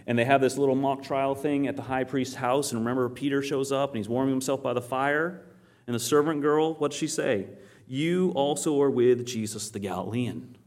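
A man's voice: mid-range voice, darkish tone. A man from Maine with a northern Maine accent, preaching a sermon and telling stories, often asking the audience questions. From Maine, USA. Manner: storytelling, acts out quoted voices, asks the audience questions. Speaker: pastor.

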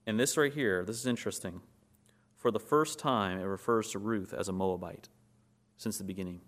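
A man's voice: on the low side, moderate pace, a bit bright. A man preaching a sermon, asking rhetorical questions and building to emphatic peaks. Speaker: pastor.

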